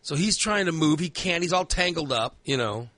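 Man, bright dry voice, rambling casual storyteller who swears a lot. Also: fairly high pitch, animated, normal speed, no echo. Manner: rambling storyteller, filler-heavy, swears freely. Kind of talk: casual chat.

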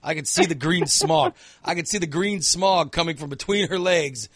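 A man's voice: a little high, moderate pace, a bit bright, slightly rough, no room sound, clean studio sound. A man telling crude comedic stories in casual chat, acting out quoted lines in a raised voice.

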